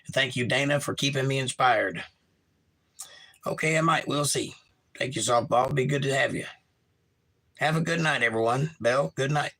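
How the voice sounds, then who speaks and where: A man hosting a live stream, chatting casually and reading viewer comments aloud, with an animated, jumpy delivery. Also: moderate pace, long pauses. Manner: reads chat messages aloud and answers them warmly; animated, pitch jumps when reading comments. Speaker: livestream host.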